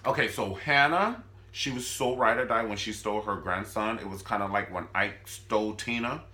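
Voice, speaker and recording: A man's voice: on the low side, normal speed, pushed and bright, slight background noise. A man recapping a TV show for a comedic vlog, sassy, gossipy and dramatic. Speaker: TV show reviewer.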